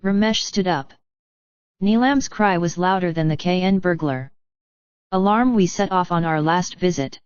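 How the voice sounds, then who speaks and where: Slow, smooth woman narrating an audiobook. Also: on the low side, dry recording, muffled recording.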